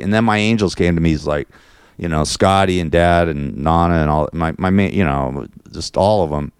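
A man's voice: deep voice, a little fast, clear, resonant tone, no echo, studio quality. A man hosting his own show, venting in a rambling, repetitive, frustrated monologue. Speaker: show host.

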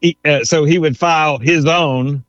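A fairly high-voiced man spins courtroom stories with lively, amused energy. The sound is dry and a little dull, with no room around it. He laughs lightly through his own tales. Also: unhurried, no echo. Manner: animated storyteller, chuckles through anecdotes. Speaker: lawyer and author. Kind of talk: storytelling interview.

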